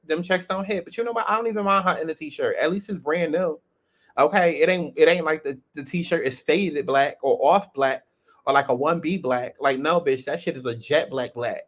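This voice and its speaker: A man with a fairly high voice gives casual commentary. His delivery is blunt and sassy, loaded with cursing and sharp asides. He sounds like a channel host talking straight to his viewers. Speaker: host of a reality-show review channel.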